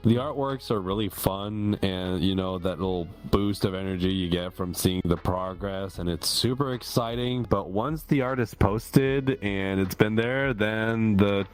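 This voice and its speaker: A man's voice: on the low side, unhurried, hardly any pauses. A man from Quebec co-hosting a podcast, chatting casually and self-deprecatingly with plenty of fillers. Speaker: podcast co-host.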